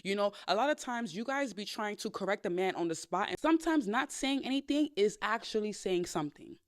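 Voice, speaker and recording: A woman hosting a podcast, giving candid dating advice in a blunt, sassy, profane big-sister way with animated storytelling. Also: mid-range voice, fairly quick, no echo, clean studio sound. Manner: animated storytelling with playful quoted voices. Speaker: podcast host.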